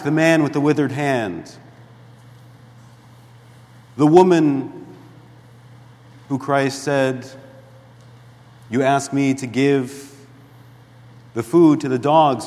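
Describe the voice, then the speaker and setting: A man preaching a sermon as a priest in a church, deliberate and emphatic, dropping to a hush at times. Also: mid-range voice, long reverb tail. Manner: slow, deliberate preaching with emphatic rises and hushed drops.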